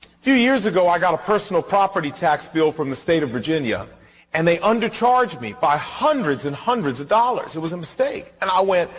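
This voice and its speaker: High-voiced preacher, husky, reverberant hall. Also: male voice, big pitch swings, fairly quick. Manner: storytelling, acts out both sides of a conversation. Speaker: pastor. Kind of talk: sermon.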